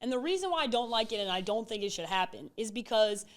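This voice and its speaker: A woman co-hosts a sports podcast, her fairly high voice rising and falling with lively swings. She is blunt and opinionated, and swears casually as she argues. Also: fast talker. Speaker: podcast co-host.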